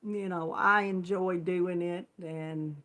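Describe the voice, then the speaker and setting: Slow-talking country Georgia woman. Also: lowish voice, fairly even intonation, a bit bright. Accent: country Southern US, Georgia. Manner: chatty and homey, greets viewers by name, laughs often. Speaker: host of a live crochet chat stream. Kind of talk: casual livestream chat with viewers.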